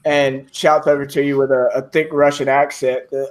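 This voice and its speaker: A man's voice: medium pitch, level tone, moderate pace, hardly any pauses. A man narrating as game master of a tabletop game, rambling with many fillers.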